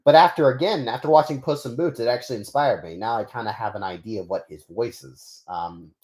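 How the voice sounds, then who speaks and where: A man's voice: medium pitch, fairly quick, darkish tone. A young man streaming casually, rambling and chatting with his viewers. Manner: rambling, many fillers and restarts, chatty with viewers. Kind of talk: casual live stream chat.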